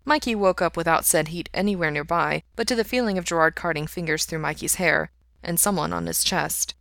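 A woman reading fiction aloud in a calm, plain narration. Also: on the low side, a little fast, gravelly, no echo, clean studio sound. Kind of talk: audiobook-style fiction reading.

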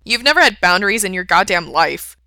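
A woman reading aloud and voicing a brash, crude young man who swears a lot and talks loudly. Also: fairly low pitch, fast talker, dry recording, studio quality. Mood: loud, grossed out.

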